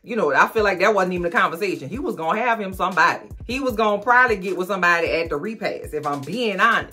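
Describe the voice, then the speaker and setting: A woman chatting casually as she recaps a TV episode, sassy and animated, with quick asides to her viewers. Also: fairly low pitch, slightly rough, soft background music. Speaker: recap vlogger.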